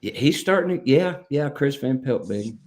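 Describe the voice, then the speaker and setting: A man hosting a casual live stream, joking around, rambling and reading viewer comments out loud. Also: mid-range voice, animated, normal speed.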